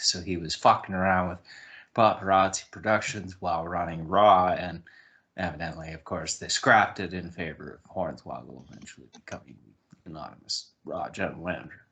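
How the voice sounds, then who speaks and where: Male co-host, deep voice, easy storytelling. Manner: relaxed, explanatory storytelling. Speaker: podcast co-host. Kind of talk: casual chat.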